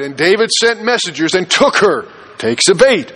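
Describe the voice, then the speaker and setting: A man's voice: sits high, sing-song, normal speed, fairly bright tone, poor audio. A man preaching a sermon as pastor, emphatic, repeating key phrases and firing rhetorical questions at the congregation.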